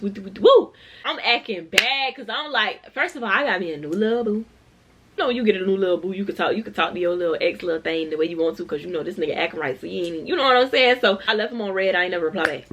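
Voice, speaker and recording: A woman in her twenties, a vlogger telling a storytime tale in an animated, slangy way, talking straight to her viewers. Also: medium pitch. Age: 20s. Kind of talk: storytime vlog.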